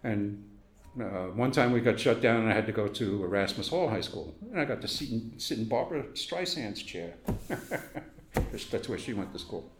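A man's voice: fairly low pitch, animated, normal speed, reverberant, a little hiss or hum. An older man from Brooklyn recalling his youth in an oral history interview, acting out the voices of people in his stories. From Brooklyn, New York. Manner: storytelling, acts out quoted voices, chuckles.

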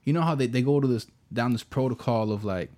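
A man's voice: medium pitch, fast talker, dark tone. Laid-back young man. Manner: laid-back storytelling with lots of fillers. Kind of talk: casual chat.

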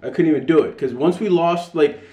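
A man co-hosting a podcast, telling a dramatic sports story and bursting into shouts. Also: on the high side, a little fast. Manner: dramatic, excitable, prone to shouting. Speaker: podcast co-host. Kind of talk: animated sports storytelling chat. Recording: roomy echo.

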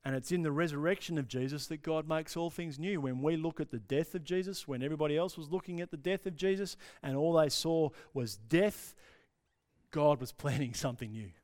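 A male pastor delivers an impassioned sermon in a smooth, clear voice pitched a little high. He builds to intense, swelling lines, then drops to near-whispered pauses. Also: darkish tone.

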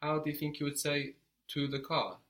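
A man's voice: on the high side, fairly even intonation, moderate pace, fairly bright tone. A man teaching a language lesson, patiently prompting a learner and giving short praise.

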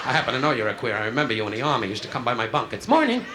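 A man's voice: mid-range voice, very animated. A man doing insulting stand-up crowd work on a nightclub stage, firing barbs at audience members. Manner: insulting, rapid-fire banter with the audience. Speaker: stand-up comedian. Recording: noisy 1960s live album recording.

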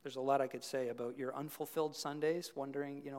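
A man preaching a sermon to his congregation in a conversational, animated way, with frequent asides to the listeners. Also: medium pitch, fast, long reverb tail. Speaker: pastor. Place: church.

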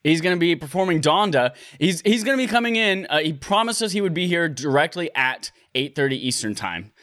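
A man hosting a casual podcast from his living room, excitable and laughing often, swearing casually as he chats. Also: on the high side, brisk. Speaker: podcast host. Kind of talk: casual chat.

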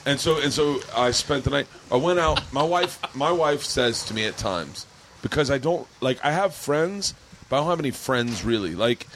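A man hosting a podcast, chatting casually by a pool, telling stories with lots of swearing and quick laughs. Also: mid-range voice, a little hiss or hum. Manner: animated storytelling, swearing, bursts of laughter. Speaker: podcast host. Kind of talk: casual chat. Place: outdoors by a pool.

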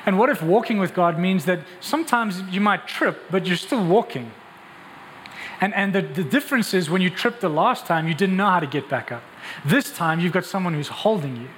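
A man preaching with a fairly high voice, pressing his points with rhetorical questions and quick restarts. His voice rings with a long reverb through a large church hall, over a faint ambience. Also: animated, a bit bright, a little hiss or hum. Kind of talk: sermon.

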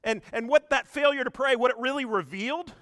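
A man preaching a sermon in a chatty, animated storytelling way, speaking straight to the congregation. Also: very high voice, fairly quick, no room sound, studio quality. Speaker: pastor.

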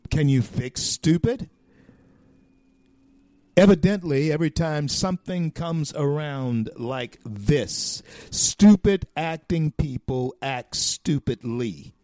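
A man from the United States hosting a talk show, delivering a folksy, preachy opinion monologue with drawn-out emphatic phrases. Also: on the high side, dark tone, no room sound.

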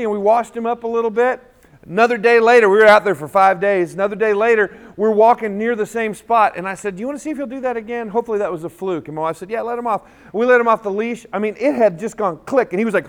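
High-voiced man telling a story to a crowd. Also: quick pace. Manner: animated, acts out dialogue, leads the crowd in chants. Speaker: motivational school speaker. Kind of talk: storytelling speech with call-and-response.

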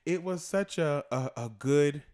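A man's voice: fairly high pitch, measured pace, darkish tone. A young man co-hosting a casual chat, rambling with many fillers. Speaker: co-host.

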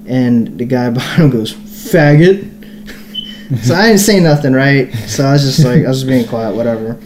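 A man's voice: medium pitch, a little fast, a little mellow, a little hiss or hum. A young man co-hosting a podcast, telling a long story in a casual, profane, rambling way full of fillers. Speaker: podcast co-host.

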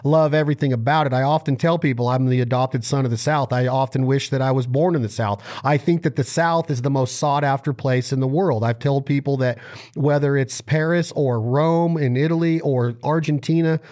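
A man's voice: medium pitch, steady tone, a little fast, a little mellow. A man from Reno, Nevada, talking as a podcast guest in earnest, rambling conversational storytelling full of restarts and repeated words.

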